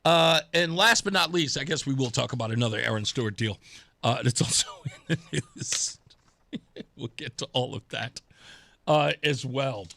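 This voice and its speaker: A man hosts a talk radio show from a studio, his mid-range voice creaky and at a normal speed, his throat scratchy from pollen. He's an animated storyteller who laughs his way through a casual monologue, captured on a studio microphone.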